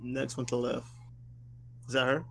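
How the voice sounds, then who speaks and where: A man's voice: mid-range voice, completely flat delivery, moderate pace, vocal fry, slight background noise. A young man co-hosting a podcast, laid-back and slangy, often hesitating as he talks. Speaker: podcast co-host. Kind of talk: casual chat.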